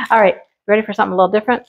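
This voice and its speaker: Chatty woman unboxing crafts, lively. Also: mid-range voice, poor audio. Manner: chatty, talks to her cat and to viewers; lively and enthusiastic, quick laughs. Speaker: craft vlogger. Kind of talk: casual unboxing chat.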